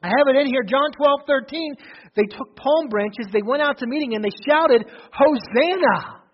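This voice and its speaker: Male pastor preaching, very high voice, big swings from loud to hushed, dull lo-fi sound. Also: a little fast, a little hiss or hum. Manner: swings from loud declarations to hushed, low emphasis; repeats phrases, restarts often. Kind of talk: sermon.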